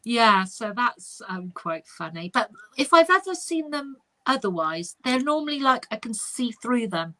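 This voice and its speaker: A middle-aged woman, a spiritual medium telling an animated story in casual chat. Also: on the high side, unhurried, hardly any pauses. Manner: animated anecdotal, chatty with fillers.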